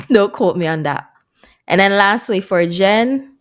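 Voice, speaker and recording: A woman with a medium-pitched, expressive voice speaks slowly as she vlogs casually for her viewers, working through a language course and chuckling at her own slip-ups in a chatty way.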